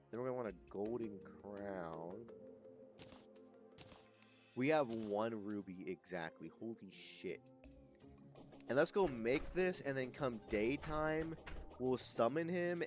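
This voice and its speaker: A man streaming a video game in a casual, profanity-heavy chat with viewers, sleepy and with a stuffy nose. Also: fairly low pitch. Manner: swears constantly, chats with viewers. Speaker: gaming streamer. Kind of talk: casual gameplay commentary.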